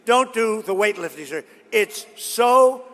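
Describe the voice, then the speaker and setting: A man quoting his elegant wife as she softly and slowly coaxes him, in a barely altered voice. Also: high-pitched, animated. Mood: coaxing. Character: elegant, gently scolding wife. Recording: reverberant hall.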